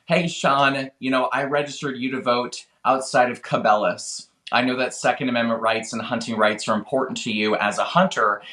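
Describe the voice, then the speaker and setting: A man's voice: medium pitch, steady tone, normal speed, few pauses, sharp tone, reverberant. A man answering as a guest on a political show, talking in an earnest, urgent and pleading way. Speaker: guest, voter registration organizer. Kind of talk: interview answers.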